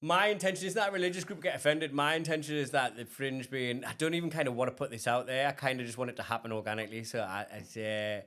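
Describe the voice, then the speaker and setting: A man co-hosting a casual podcast, telling stories quickly with frequent laughs. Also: mid-range voice. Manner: fast, animated storytelling, laughing often. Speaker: podcast co-host. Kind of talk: casual pub-style chat.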